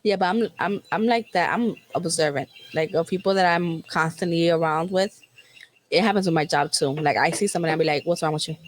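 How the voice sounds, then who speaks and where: A woman's voice: fairly low pitch, a little fast. A young woman with a Puerto Rican accent chatting casually with her sister, giggly and blunt, swearing freely. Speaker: co-host. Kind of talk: casual chat between sisters.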